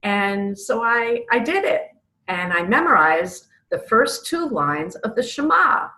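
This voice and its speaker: A woman's voice: fairly high pitch, expressive, slow, sharp tone, low-quality recording. A middle-aged woman from New York, earnestly telling a personal faith story as an author and acting out her own pleas. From Brooklyn, New York. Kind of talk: personal testimony.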